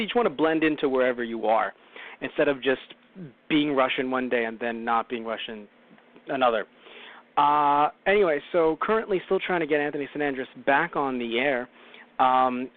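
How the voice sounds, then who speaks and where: A man hosting a casual movie review show, rambling and correcting himself with wry asides. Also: mid-range voice. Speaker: podcast host. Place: home. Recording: tinny phone-line call-in audio.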